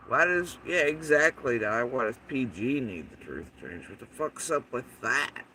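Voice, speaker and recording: A man's voice: a little high, animated, measured pace, sharp tone, slight background noise. A man hosting a livestream, ranting angrily and profanely, mocking his critics in sarcastic quoted voices. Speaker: livestream host. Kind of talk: angry livestream rant. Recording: voice somewhat far from the mic.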